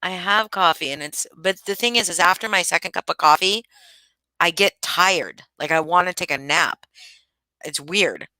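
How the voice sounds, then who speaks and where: A sleepy woman chats loosely with her livestream viewers from home and calls them by name. Her voice sits a little low but has a bright, forward edge. The sound is dry and close. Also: moderate pace, no room sound, rough recording. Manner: rambling and chatty, addressing viewers by name. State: sleepy and yawning. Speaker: livestream host. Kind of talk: casual chat with livestream viewers.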